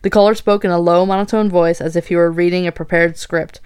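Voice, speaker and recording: A woman's voice: fairly low pitch, steady tone, fast, darkish tone, clean tone. A woman co-hosting a casual true-crime chat, reading case details and reacting with gasps and swearing. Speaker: podcast co-host.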